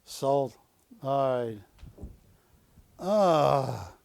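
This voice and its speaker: A man's voice: mid-range voice, lively intonation, extremely slow, vocal fry, a little mellow. A man hosting a live shopping-channel auction, joking and pleading with viewers as he calls out the bids. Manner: jokey, pleading with viewers, rising calls of going once, going twice. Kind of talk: live on-air auction calling. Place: TV studio.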